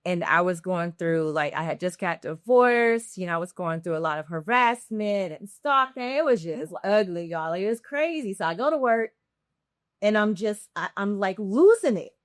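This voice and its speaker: A woman speaks as a guest in a relaxed podcast chat, telling her story with lively asides and plenty of fillers. Her pitch sits in an ordinary middle range, and the sound is dry and close. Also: normal speed, no echo. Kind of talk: casual podcast conversation.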